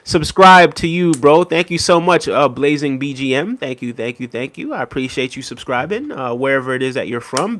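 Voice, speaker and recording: Relaxed man hosting a livestream, dry sound. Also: medium pitch, dry recording. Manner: relaxed, thanks viewers repeatedly, soft laughs. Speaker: livestream host. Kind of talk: casual livestream chat reading comments. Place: New York City.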